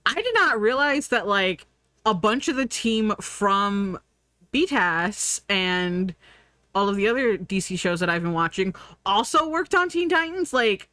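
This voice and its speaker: A woman streamer chatting casually, full of fillers and "like", acting out her own thoughts in lively quoted asides. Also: mid-range voice, unhurried, no room sound, clean studio sound. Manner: frequent fillers and "like". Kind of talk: casual rambling chat.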